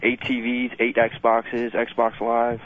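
A man's voice: medium pitch, completely flat delivery, takes it slowly. A man calling in to a radio show, enthusiastic and laid-back as he talks about a place he loves. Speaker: caller. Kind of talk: casual phone call. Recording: tinny phone line.

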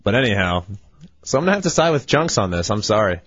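A man's voice: fairly low pitch, very animated, quick pace, a bit bright, breathy edge, no room sound, lo-fi sound. A man, a former intern, giving his opinion casually as a guest on a radio show.

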